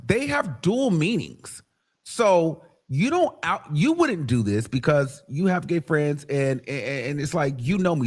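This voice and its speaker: A man's voice: on the high side, unhurried, husky. A man hosting a livestream, talking casually and acting out the voices of the people he quotes. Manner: animated, acts out quoted voices, many restarts. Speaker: livestream host.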